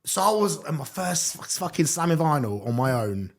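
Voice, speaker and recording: A man's voice: fairly high pitch, big pitch swings, normal speed. A man in his thirties telling stories from his life as a hardcore MC in a casual interview, swearing often and laughing through his tales. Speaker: hardcore MC and DJ, podcast guest.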